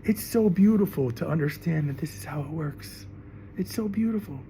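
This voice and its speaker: A man's voice: a little high, expressive, moderate pace, creaky, mellow, slight background noise. A middle-aged man teaching in an emphatic, rambling monologue, often repeating himself. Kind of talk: impassioned monologue to camera.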